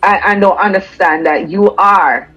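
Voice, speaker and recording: A woman's voice: medium pitch, a little slow, a bit bright, lo-fi sound. A Jamaican woman, a singer-songwriter, talking earnestly and emphatically in a casual interview, often repeating words as she builds a point.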